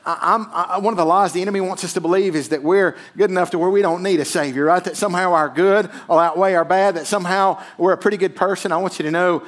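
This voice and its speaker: Man preaching, loud swells and hushed drops. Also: high-pitched, fairly even intonation, fast, few pauses. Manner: emphatic preaching, swelling loud then dropping to near a hush, frequent "right?". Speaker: pastor. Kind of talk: sermon.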